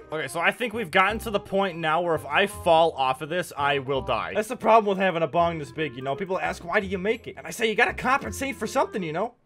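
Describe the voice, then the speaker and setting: Bright, lively young man telling jokes. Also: high voice, fast, hardly any pauses. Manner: jokey, laughs at his own punchlines. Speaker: gaming YouTuber. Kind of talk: comedic storytelling over gameplay. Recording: light background music.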